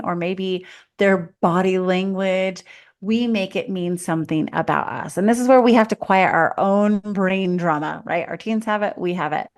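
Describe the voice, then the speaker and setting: A woman who is a life coach and co-host, giving earnest advice to parents in a casual chat. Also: medium pitch. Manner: earnest, coaching, thinks aloud. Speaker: mother of teens.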